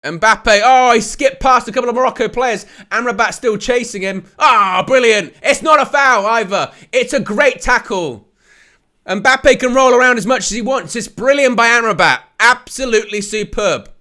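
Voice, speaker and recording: High bright voice, guy calling a football match live for viewers, jokey and excitable, laughs a lot. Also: normal speed. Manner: excitable, jokey, laughs often, rises to shouts at near-misses. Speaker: host of a live match watch-along. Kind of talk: live play-by-play commentary and chat.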